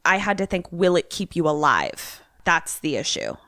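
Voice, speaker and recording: A woman podcast co-host in casual chat, telling a horror film's plot in an animated way and acting out the characters. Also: lowish voice, moderate pace, no echo, clean studio sound. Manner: animated storytelling, acts out the characters.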